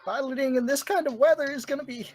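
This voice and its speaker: A woman voicing a gruff male airship pilot who talks in a blunt, folksy way. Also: high-pitched, fast, darkish tone, lightly acted. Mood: worried.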